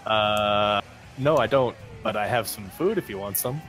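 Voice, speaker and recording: A fairly low-voiced man at a tabletop game, talking in a soft, hesitant, laid-back way. Faint music runs under his voice. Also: measured pace. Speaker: player.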